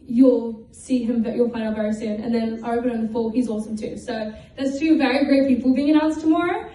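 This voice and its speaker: A woman's voice: on the high side, fairly even intonation, fast, warm tone. A teenage girl chatting with fans at a meet and greet, giggly and gushing with lots of fillers. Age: teens. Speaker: singer at a fan meet and greet. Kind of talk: casual chat. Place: large indoor venue with a crowd. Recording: echoey hall, from far off, noisy crowd.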